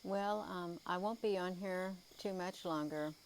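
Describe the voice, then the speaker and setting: At a measured pace and fairly low pitch, a tired woman yawns and rambles with many ums and uhs while hosting a casual live sky-watching chat outdoors at night. She calls her viewers "you all." The low-quality recording has a little hiss or hum.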